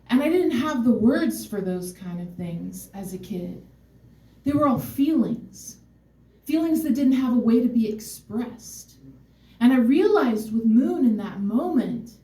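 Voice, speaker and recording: A woman's voice: on the high side, warm tone. A woman telling a personal story on stage, candid, wry and emotionally open. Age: adult, mother of a son. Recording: roomy hall, mic far off.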